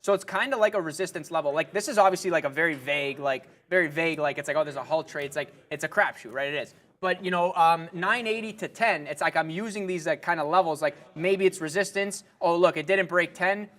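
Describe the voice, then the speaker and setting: A man talks through live trades on a day-trading broadcast, keeping it loose with plenty of fillers. His voice sits slightly higher than most men's. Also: fast talker, few pauses, a bit bright. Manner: casual, loose, many fillers.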